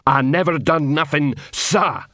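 A man voicing a big, slow-witted male troll guard who speaks in simple, broken grammar and is eager to please. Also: fairly high pitch, lively intonation, no room sound, clean studio sound, pitched above the performer's own voice. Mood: proud.

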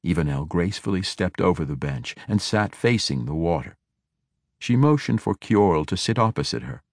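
Deep-voiced male audiobook narrator. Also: expressive, moderate pace, no room sound, studio quality. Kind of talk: scripted fantasy audiobook narration.

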